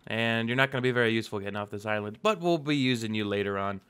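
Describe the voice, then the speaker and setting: A man's voice: on the low side, rapid-fire, a bit bright, clear, resonant tone. A young man hosting a casual gameplay video, chatting playfully and talking to the animals in the game. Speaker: let's play host.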